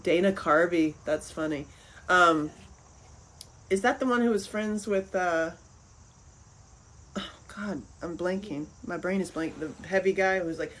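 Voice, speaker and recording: A middle-aged woman hosting a podcast, chatting casually and telling rambling, animated stories. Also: on the low side, a little slow, pauses often. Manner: rambling, animated storytelling with laughs. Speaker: podcast host. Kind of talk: casual chat.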